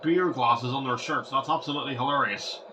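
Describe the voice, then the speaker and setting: A man commentating his own retro football game, ranting and shouting at the players when things go wrong. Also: medium pitch, a little fast, a little hiss or hum. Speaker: gaming channel host.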